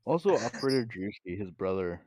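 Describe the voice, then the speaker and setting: A man's voice: on the low side, big pitch swings, fairly quick, a little mellow, breathy edge, no echo. A teenage boy as podcast guest, laid-back in casual chat with friends. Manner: laid-back, filler "like" and "dude".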